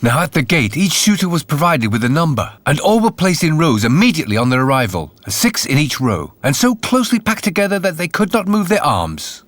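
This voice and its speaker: A man narrating a fairy tale in an animated, expressive way. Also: fairly high pitch, a little fast, few pauses, dry recording. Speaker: storyteller. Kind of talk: storybook narration.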